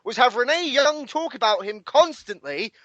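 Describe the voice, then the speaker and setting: A man with a high, sharply bright voice co-hosts a casual podcast. He tells stories with animated, profane energy. The sound is dry and close. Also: normal speed, no echo, lo-fi sound. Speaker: podcast co-host.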